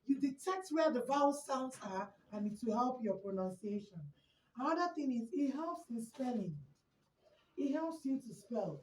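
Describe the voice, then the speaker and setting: A woman teacher with a Nigerian English accent giving a short lesson, speaking slowly and repeating key words for her class. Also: high-pitched, lively intonation, a little mellow. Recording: echoey room, far from the mic.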